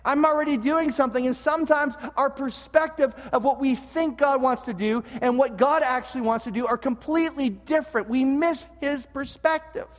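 A man preaching a sermon as pastor, earnest and animated, with humorous asides and frequent restarts. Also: very high voice, normal speed, hardly any pauses. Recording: long reverb of a large hall.

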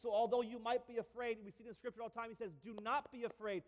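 A man's voice: very high voice, flat delivery, very fast, mellow. A man preaching a sermon as a pastor, emphatic and repetitive with touches of light humor. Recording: long reverb of a large hall.

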